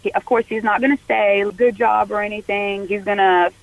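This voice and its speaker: A young woman from Mississippi, a college softball pitcher talking earnestly and chattily as a guest in a radio interview, full of "like" fillers. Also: fairly even intonation, moderate pace, creaky, no room sound, rough recording. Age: young adult.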